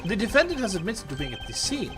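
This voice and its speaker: A man's voice: high voice, huge pitch swings, quick pace, over music. A man voicing a smug, confident young male prosecutor with a theatrical delivery.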